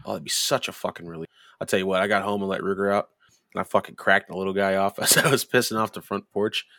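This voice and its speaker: Low-voiced man telling profane bar stories. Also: fast talker, no room sound, clean studio sound. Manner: profane storytelling, lively quoted voices. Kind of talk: casual chat.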